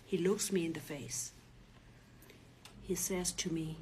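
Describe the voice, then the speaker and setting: A middle-aged South African woman, a Zulu speaker, telling a personal story in a lively way and acting out the other voices. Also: lowish voice, takes it slowly, a little hiss or hum. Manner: animated retelling, acts out voices and shouts.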